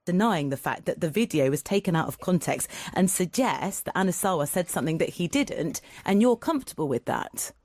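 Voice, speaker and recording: Female interviewer, persistent and probing, low voice with animated pitch. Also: a little fast, few pauses, dry recording, studio quality. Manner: pressing, probing questions. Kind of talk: political interview.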